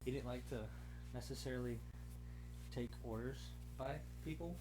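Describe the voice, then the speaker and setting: A man's voice: mid-range voice, steady tone, moderate pace, background noise. A young man co-hosting a casual podcast, rambling through a work story and laughing often. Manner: rambling, laughs and jokes a lot. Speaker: podcast co-host. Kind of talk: casual chat.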